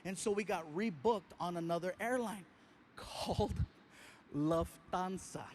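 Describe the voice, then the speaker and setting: Male stand-up comic, very high voice, lively storyteller who slips into character voices. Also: measured pace, slight background noise. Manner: animated, playful voice impressions of people in his story. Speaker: stand-up comedian.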